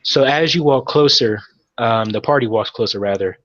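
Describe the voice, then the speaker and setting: A man runs a tabletop game, describing scenes in a loose, rambling way and correcting himself as he goes. His pitch sits in the middle range, and the recording is dull and lo-fi. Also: moderate pace, fairly bright tone, no echo. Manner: casual, rambling with frequent self-corrections. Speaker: game master.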